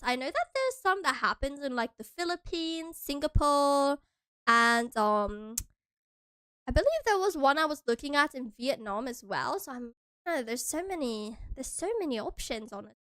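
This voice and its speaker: A woman's voice: sits high, a bit bright, clear, resonant tone, no echo, studio quality. A young woman from Hawaii chatting casually on a stream, bubbly and giggly, sometimes breaking into squeals.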